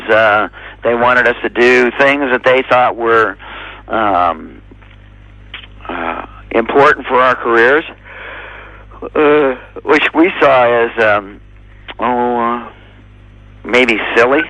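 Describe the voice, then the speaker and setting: A man being interviewed as a drummer, speaking in an easygoing, halting way with lots of fillers. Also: mid-range voice, bright, forceful tone, no room sound, poor audio. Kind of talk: casual interview answers.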